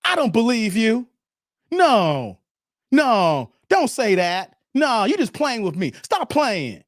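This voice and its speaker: A scoffing, disbelieving woman, played by a man, who waves the claim away. The pitch swings freely, and the recording is close and dry. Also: wildly swooping pitch, slow, no echo, heavily acted. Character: disbelieving young woman on the phone.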